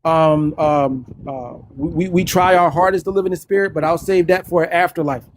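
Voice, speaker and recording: Philly man, high-pitched, fired up and passionate; faint background noise. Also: normal speed. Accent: Philadelphia. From North Philadelphia. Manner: passionate, voice rises when worked up. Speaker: caller. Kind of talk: heated live-stream debate.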